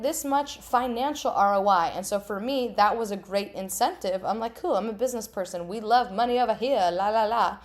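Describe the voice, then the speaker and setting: A woman hosts her own podcast in a casual solo monologue. She talks candidly and animatedly, swears freely and laughs at herself. She acts out the voices in her head with lively shifts. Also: mid-range voice. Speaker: podcast host.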